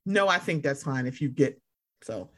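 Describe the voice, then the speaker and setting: Young woman chatting on a podcast, super lively pitch, cusses a lot, does loud high voices for people. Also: moderate pace. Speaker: podcast co-host. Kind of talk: casual chat.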